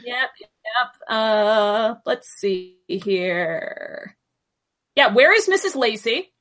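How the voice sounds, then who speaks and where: A woman's voice: a little high, expressive, drawn-out words, a bit bright. A woman co-hosting a podcast, chatting casually and firing off questions from a list. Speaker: podcast co-host. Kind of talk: casual chat.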